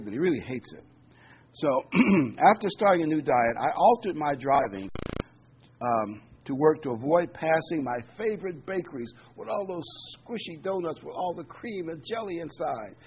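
A man preaching a sermon, reading scripture with rising emphasis and adding folksy, conversational asides full of fillers. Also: on the high side. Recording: slightly dull, faintly noisy recording.

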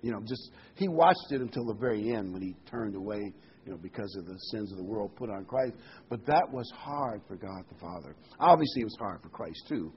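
A man's voice: on the low side, lively intonation, brisk, lo-fi sound, slight background noise. Earnest man preaching with emphatic repetition. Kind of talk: sermon.

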